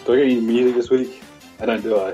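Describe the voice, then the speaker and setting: A man's voice: medium pitch, fairly even intonation, very fast, dark tone, faint music behind, rough recording. A man co-hosting a casual podcast, talking in a laid-back, meandering way and unsure of his facts. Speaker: podcast co-host.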